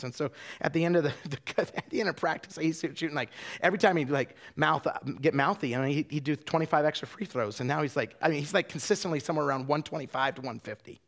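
Gravelly-voiced pastor telling a sermon story. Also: male voice, on the high side, quick pace, few pauses. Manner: conversational, many restarts, drops to hushed quotes.

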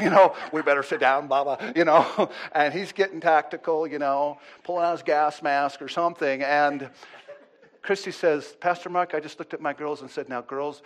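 A man preaching as a pastor, telling a story with lively acted-out quotes and swings between loud and hushed delivery. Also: on the high side, normal speed. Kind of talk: sermon storytelling.

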